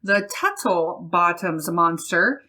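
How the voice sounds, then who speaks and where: A woman podcast host reading a news article aloud in a slow, deliberate way. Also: fairly low pitch, animated, sharp tone. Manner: slow, deliberate reading with laughs between phrases.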